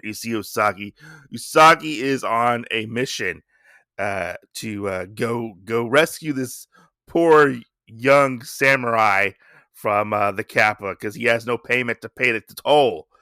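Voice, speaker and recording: A man casually recaps a comic story on a podcast, rambling with frequent fillers. His voice is bright and forward. It is recorded close on a mic in a dry room. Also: mid-range voice, a little slow, clean tone, no echo. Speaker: podcast host.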